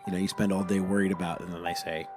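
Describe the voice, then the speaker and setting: A man's voice: sits low, level tone, racing, music in the background. A man co-hosting a podcast, a youth pastor reacting supportively and introducing a game segment. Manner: supportive, reacts with short exclamations.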